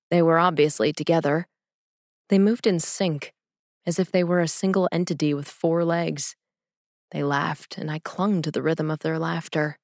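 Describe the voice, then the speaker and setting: A young woman with a low voice narrates a personal story in a calm, measured, inward-looking way. The recording is close and dry, with no room sound. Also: dry recording. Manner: calm, measured, introspective reading. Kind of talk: audiobook reading of a personal story.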